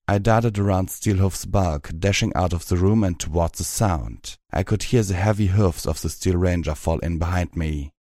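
A man narrating an audiobook story in a steady, measured reading voice. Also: low-pitched, no echo, clean studio sound.

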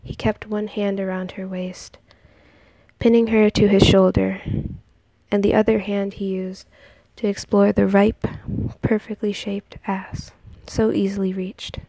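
A woman narrating a story in a soft, hushed, partly whispered reading. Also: mid-range voice, flat delivery, a little slow, no room sound.

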